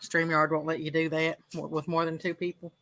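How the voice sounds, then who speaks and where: A woman's voice: sits low, flat delivery, a little fast, a bit bright. A woman from Arkansas hosting a casual fishing livestream, chatty and giggly. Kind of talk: casual chat.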